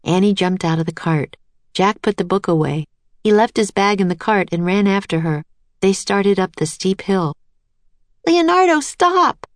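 A woman reads a children's chapter book aloud with steady, clear narration. Her voice sits a bit low for a woman, and the recording is dry and close with no room echo. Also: moderate pace. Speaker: storybook narrator.

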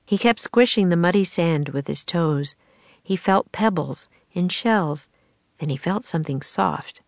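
Low-voiced woman narrating a storybook. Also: dry recording. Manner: measured, expressive, clear storytelling. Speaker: audiobook narrator.

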